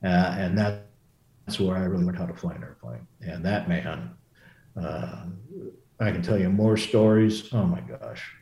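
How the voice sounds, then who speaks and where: Deep, dark-voiced man telling stories. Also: unhurried, reverberant, lo-fi sound. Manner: rambling, self-correcting anecdotes with quoted voices. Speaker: former fighter pilot guest. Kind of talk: storytelling in a casual interview.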